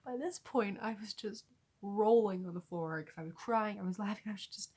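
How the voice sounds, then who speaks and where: Husky-voiced young woman telling a story. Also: mid-range voice, moderate pace. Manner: animated, laughing storytelling. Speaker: vlogger. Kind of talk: storytime vlog.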